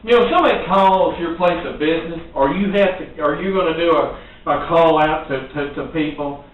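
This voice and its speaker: A man's voice: a little high, a little fast. Folksy man in an echoey room. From Western Kentucky. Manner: folksy and rambling, laughing often. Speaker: sales trainer. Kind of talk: motivational talk. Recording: echoey, distant, tinny phone-like audio with faint noise.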